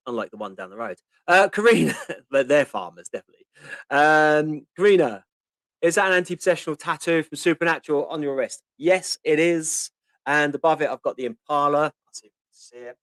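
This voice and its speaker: Speaking at a normal speed in a slightly high, fairly bright voice, a fifty-something man with a Pompey accent runs a laid-back live-stream Q&A. He chats, reads viewer questions aloud and answers them, peppering it all with ums, and there's no echo.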